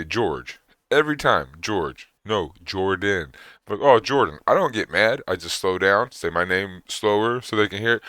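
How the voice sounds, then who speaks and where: A man with a very deep voice whose words mush together, rambling through casual reaction commentary and acting out little exchanges. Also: bright, forceful tone, clear, resonant tone, no room sound, clean studio sound. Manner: rambling, conversational, acts out quoted exchanges.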